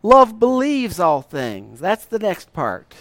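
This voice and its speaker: With a high, slightly bright voice and huge swings in pitch, a middle-aged pastor preaches. His sermon leans on folksy storytelling, laughter, and emphatic, drawn-out lines.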